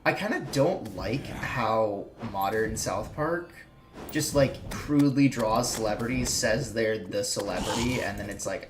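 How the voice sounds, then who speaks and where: A man's voice: on the low side, measured pace. Rambling man with a slight Minnesota accent. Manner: rambling, many fillers and restarts. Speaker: streamer and video maker. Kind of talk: casual chat while gaming. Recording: echoey room with clear background noise.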